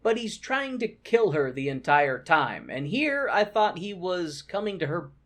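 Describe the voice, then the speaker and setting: A man in his thirties co-hosting a podcast, recapping a movie in an animated, profane rant. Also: high voice, a little slow. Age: 30s. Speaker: podcast co-host.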